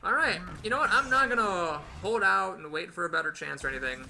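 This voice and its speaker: A man hosting a gaming video, giving chatty, animated play-by-play commentary with playful exclamations. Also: high-pitched, fast talker, vocal fry, slight background noise. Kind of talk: casual gameplay commentary.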